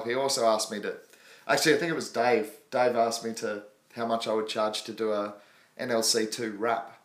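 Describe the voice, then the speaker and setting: A man's voice: on the low side, fairly bright tone. Australian male streamer, casual and rambling, answers chat questions; recorded in an echoey room. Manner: rambling, chatty, answers viewer questions, laughs often. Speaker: live stream host.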